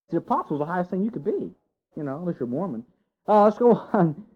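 A man preaching a sermon to his congregation, folksy and animated, full of rhetorical questions. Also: high voice, fast, husky. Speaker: pastor. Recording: dull lo-fi sound.

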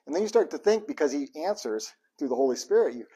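A pastor preaches a relaxed, conversational sermon at a fast pace, his somewhat high, husky voice leaping up and down as he acts out scripture, including the psalms' cries to God. Lively and joking, he banters with the room between readings.

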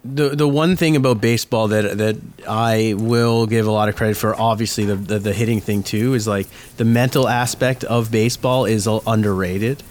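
A man's voice: on the low side, steady tone, moderate pace, hardly any pauses, a little mellow. A man co-hosting a podcast, thinking aloud in casual sports chat with lots of "like" and restarts. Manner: hesitant, filler-heavy, thinks aloud. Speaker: podcast co-host.

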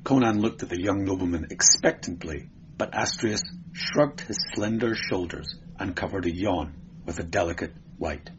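Man narrating an audiobook, very deep voice, measured dramatic delivery, dull recording, faint hiss. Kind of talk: audiobook reading.

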